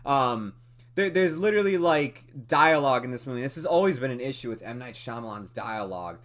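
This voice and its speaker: A man co-hosting a movie podcast, talking through a film review in a casual, animated way with lots of fillers and laughs. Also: mid-range voice, brisk. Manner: animated, chatty, many fillers, laughs often.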